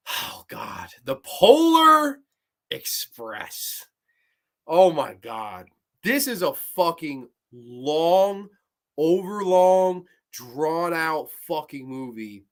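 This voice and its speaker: A man's voice: on the high side, a bit bright. Profane young man ranting on a stream. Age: 20s. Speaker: host. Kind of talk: live-streamed casual movie rant.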